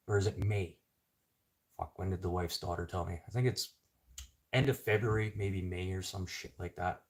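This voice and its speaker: A middle-aged man from Canada rants straight to his viewers in a casual vlog. His voice sits fairly low, and his talk is blunt and full of swearing, with sudden outbursts breaking through. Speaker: vlogger. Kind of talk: casual ranting monologue.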